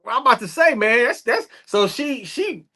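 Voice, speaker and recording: A man's voice: extremely high pitch, animated, normal speed, pushed and bright. A man co-hosting a podcast, bantering casually and laughing often. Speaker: podcast co-host. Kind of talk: casual chat.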